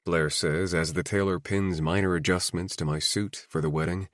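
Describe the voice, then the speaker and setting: A man's voice: low-pitched, moderate pace, hardly any pauses, no echo, studio quality. A man narrating a romance audiobook in the first person, wry and introspective.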